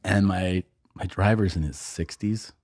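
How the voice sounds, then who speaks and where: A man with a very low voice tells a rambling story on a podcast. He acts out what other people said and laughs often. The sound is dry and close to the mic. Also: a little slow, a little mellow, no echo. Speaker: podcast co-host and comedian. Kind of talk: casual storytelling chat.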